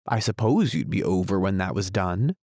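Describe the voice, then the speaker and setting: A man's voice: sits low, lively intonation, normal speed, a little mellow, no room sound, studio quality. A man reading an audiobook, voicing a polite, curious young girl who asks earnest questions. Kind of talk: audiobook character voice.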